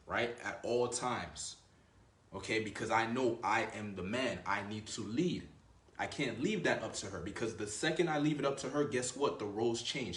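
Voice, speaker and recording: A man's voice: mid-range voice, fairly bright tone, roomy sound. A man giving blunt, profane dating advice in a casual monologue, with a swaggering manner and lots of filler words. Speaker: dating coach.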